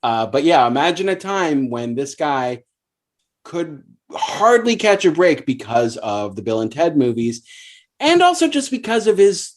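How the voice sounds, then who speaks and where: A man's voice: a little high, sing-song, unhurried. A man in his forties co-hosting a podcast, telling movie memories in casual chat with frequent stammering restarts. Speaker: podcast co-host.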